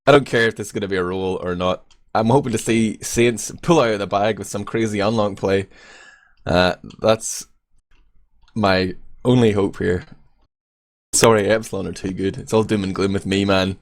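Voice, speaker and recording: A man's voice: fairly low pitch, fairly even intonation, no room sound. A young Irish man casting an esports match with casual, joking banter. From Ireland. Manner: jokey, casual, quick banter. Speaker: esports caster. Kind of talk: live esports commentary.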